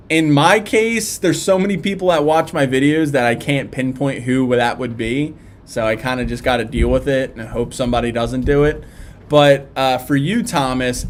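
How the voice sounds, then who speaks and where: A man's voice: mid-range voice, slight background noise. A man with a Philadelphia accent hosting a casual live stream, chatting and reading viewer comments aloud with plenty of fillers.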